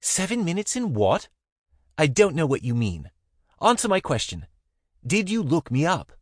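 A man voicing a guarded, fiery young foreign woman with a lilting accent, firing off sharp questions. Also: on the high side, huge pitch swings, moderate pace, no echo, clean studio sound, pitched above the performer's own voice. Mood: guarded, insistent.

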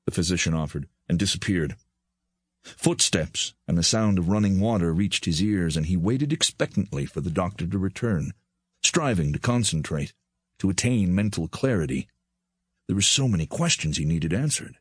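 A man narrating an audiobook in an even, measured storytelling manner. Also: low voice, breathy edge, dry recording, studio quality. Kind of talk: scripted narration.

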